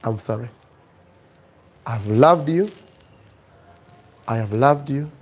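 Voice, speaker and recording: A man playing a quiet remorseful husband. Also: fairly even intonation, measured pace, lightly acted, rough recording. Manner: quiet, low, pleading. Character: remorseful dying young husband, soft and tender.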